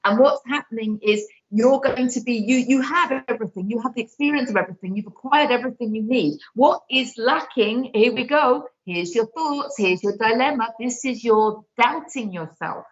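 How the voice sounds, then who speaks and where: A woman's voice: fairly high pitch, moderate pace, hardly any pauses. A woman giving a live card reading, earnest and pleading as she urges the viewer to trust herself. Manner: earnest, pleading, gets emotional. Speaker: card reader and author. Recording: dull lo-fi sound.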